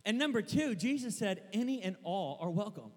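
A young man preaching a sermon in a church, rambling and excitable, stumbling over restarts and breaking into shouts. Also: high-pitched, normal speed, big-room sound. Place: church hall.

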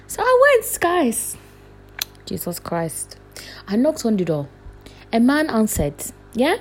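A young woman telling a casual storytime to her viewers, jumping up in pitch when she quotes herself. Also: slow pace, pauses often, breathy edge, faint music behind. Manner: animated, jumps high when quoting herself. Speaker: vlogger. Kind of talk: casual storytime chat to camera.

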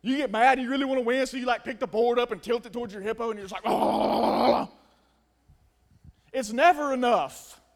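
A young man preaching a sermon, emphatic, swinging between loud stresses and quiet asides. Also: very high voice, steady tone, very fast, few pauses.

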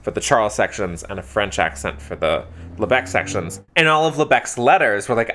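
A man co-hosting a casual book discussion, animated and often jumping into mimicry of characters. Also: brisk, hardly any pauses. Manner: animated, mimics characters with big pitch jumps. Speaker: podcast co-host.

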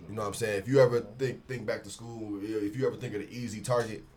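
A man's voice: fairly low pitch, fairly even intonation, fast, a little mellow, slight background noise. A young man, a show creator, talking casually as a podcast guest, laid-back and filling his speech with "you feel me".

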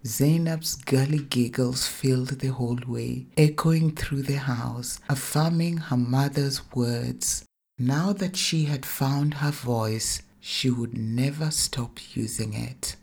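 A woman reading a short story aloud in a calm, measured narration. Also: a bass voice, husky.

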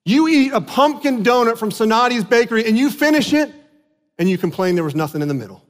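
High-voiced man preaching in a reverberant hall. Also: fast talker. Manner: animated preaching, acts out quoted voices. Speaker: pastor. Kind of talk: sermon.

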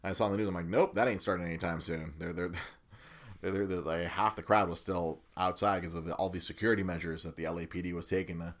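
A man's voice: deep voice, fairly even intonation, quick pace. A man, a young new father, chatting casually to his viewers in a rambling way, with many restarts and frequent laughter.

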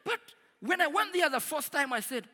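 A man preaching a sermon to a congregation, swinging from loud declarations to quiet asides. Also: extremely high pitch, lively intonation, normal speed, long reverb tail. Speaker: pastor.

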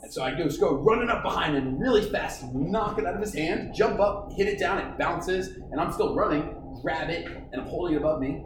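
Lively, laughing male co-host off-mic. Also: fairly high pitch, fairly quick, few pauses, distant mic. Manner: profane, lively, laughs often. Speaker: podcast co-host. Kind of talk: crude comedic banter. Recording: echoey room, off-mic, noisy.

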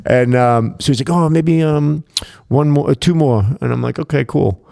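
Man, DJ guest, casual storytelling, profane, animated, mid-pitched voice. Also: normal speed, creaky. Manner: profane, animated, acts out quotes. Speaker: DJ guest telling stories.

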